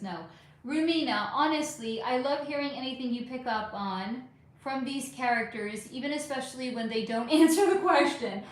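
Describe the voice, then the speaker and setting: A woman hosting a live spiritual reading stream and answering viewers' questions as they come in. She talks casually and rambles, with lots of fillers. Her voice is fairly high and rings out in a very echoey room. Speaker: spiritual reader and channel host.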